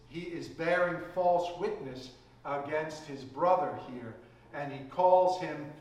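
Echoey slow-preaching man. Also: on the high side. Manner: reads scripture aloud then explains it with repeated "right?". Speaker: pastor. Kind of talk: sermon. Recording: echoey room, mic far off.

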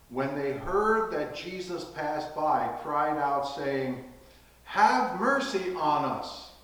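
A man teaching a Bible study casually, in a slow, conversational way with frequent asides asking "right?". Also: mid-range voice. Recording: echoey room, heard from a distance.

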